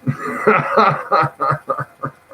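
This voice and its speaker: A man talking in a rambling, halting casual monologue, often laughing at his own jokes. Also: a little high, noisy background.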